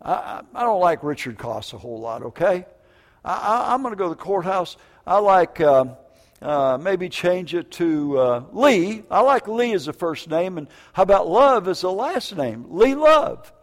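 High-voiced older man preaching in a hall. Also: moderate pace. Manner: animated, jokey storytelling with stammered restarts. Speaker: prison minister. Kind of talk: preaching a sermon. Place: church. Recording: reverberant church hall.

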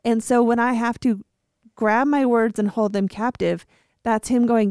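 Smooth-voiced woman acting out quotes. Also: a little high, a little slow, no echo, clean studio sound. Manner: animated, acts out quoted voices. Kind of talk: casual faith-based chat.

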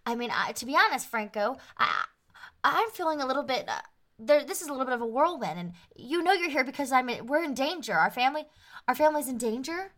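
A woman's voice: high-pitched, sing-song, fast talker, a bit bright. A woman voicing an earnest, anxious young woman pleading with her brother, stammering and restarting as she insists. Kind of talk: tabletop role-play acting.

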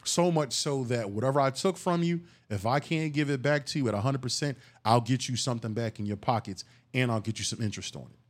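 A man's voice: mid-range voice, fast talker, hardly any pauses. Profane, emphatic Philly man on a podcast. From Philadelphia. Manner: profane, emphatic street talk with rising outbursts. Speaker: podcast host. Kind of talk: casual solo podcast monologue.

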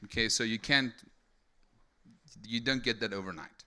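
A young South African man delivers a testimony sermon to a live audience in a bright, forceful voice with a fairly low pitch at normal speed. His storytelling is energetic, full of rhetorical "right?" tags, and he keeps checking in with the crowd.

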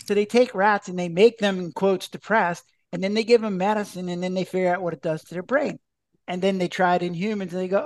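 A man's voice: high-pitched, fairly even intonation, a little fast, no room sound. A man, a doctor and author, answering podcast interview questions in a chatty way, full of restarts and acted-out dialogue.

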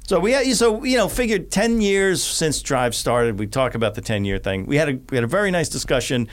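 A man's voice: on the high side, big pitch swings, fairly quick. A middle-aged man talking as a podcast guest in casual chat, often laughing and trailing off mid-thought.

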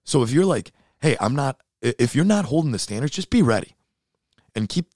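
A man co-hosting a casual fitness chat, blunt and animated, who gets fired up while he talks. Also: mid-range voice, brisk, no room sound, studio quality.

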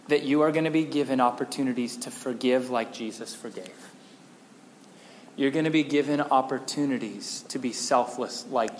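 A man preaching a sermon, telling a story with lively animation and acting out the scenes. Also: fairly high pitch, in a large hall, a little hiss or hum. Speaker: pastor.

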